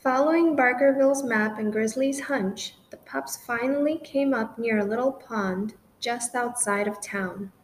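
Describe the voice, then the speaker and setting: A woman reads a children's story aloud in a gentle, clear storytelling voice. Her pitch sits a little high, and a faint room ambience hums behind her. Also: slight background noise, rough recording. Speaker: storybook narrator. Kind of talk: scripted children's story narration.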